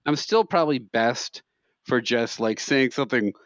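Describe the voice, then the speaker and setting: A man co-hosts a casual comedic podcast. His pitch swings widely as he acts out quotes in loud, lively bursts. The recording is dry and a bit dull, like a close home mic. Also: moderate pace, no echo. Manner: animated storyteller, acts out quotes loudly. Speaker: podcast co-host.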